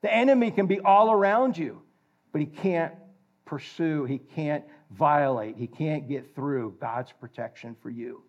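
An older man preaching a sermon, animated and jokey, quizzing the congregation. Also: on the high side, measured pace. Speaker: pastor. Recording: slightly dull lo-fi recording.

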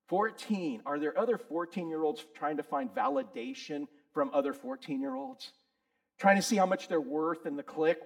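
A middle-aged man preaching a sermon in a conversational way, talking to his listeners by name and rising to loud emphasis. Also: high voice.

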